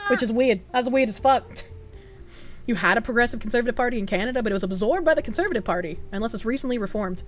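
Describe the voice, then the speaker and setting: A woman's voice: fairly high pitch, expressive, fast, slight background noise. A young woman with a Boston accent, chatting bluntly and with plenty of profanity as she reads out her stream chat. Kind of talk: casual livestream chat.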